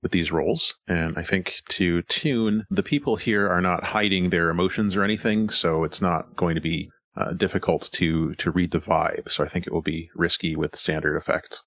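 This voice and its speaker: A very low-voiced man runs a tabletop game, thinking aloud as he narrates and trailing off into fillers. His voice is dry and close, with no room around it. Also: normal speed, few pauses, fairly bright tone, no room sound. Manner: rambling, chuckling, thinks aloud with many fillers. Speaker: game master.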